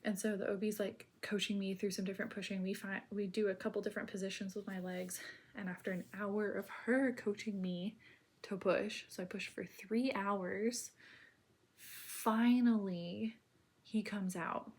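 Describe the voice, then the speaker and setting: A woman telling her own birth story in casual, rambling speech full of filler words, now and then dropping to a soft near-whisper. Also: mid-range voice, fairly even intonation, normal speed, breathy edge.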